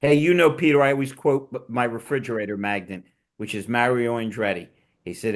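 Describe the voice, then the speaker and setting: A man's voice: medium pitch, fairly quick. Joking male panel host. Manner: joking, digressive, teasing. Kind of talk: casual panel chat.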